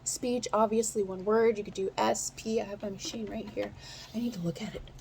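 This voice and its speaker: A woman's voice: medium pitch, fairly even intonation, vocal fry, a little mellow, a little hiss or hum. A woman giving a casual, chatty stenography practice lesson, talking straight to her viewers. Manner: chatty, quick, talks to the viewer directly. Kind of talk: casual instructional talk.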